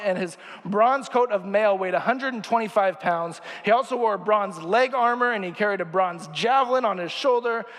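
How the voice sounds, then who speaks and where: A man's voice: high voice, a bit bright, big-room sound. A young man preaching a casual sermon, chatty and joking and asking the crowd questions, in a church sanctuary.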